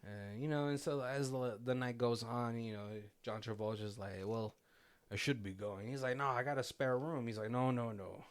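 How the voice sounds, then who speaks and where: A man's voice: mid-range voice, steady tone, normal speed, clean tone. A man hosting a casual movie commentary chat, retelling scenes with quoted lines and frequent laughs. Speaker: podcast host.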